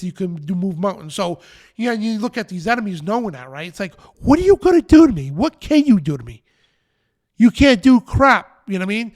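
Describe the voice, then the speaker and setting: A man hosting a live show, preaching in an emphatic, defiant rant and repeating his phrases. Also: high-pitched. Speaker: show host.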